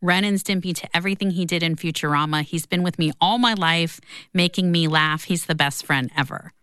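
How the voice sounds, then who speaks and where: A woman's voice: lowish voice, fairly quick, fairly bright tone, smooth, dry recording, clean studio sound. A woman hosting an interview, reading listener emails and asking conversational questions. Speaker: interview host.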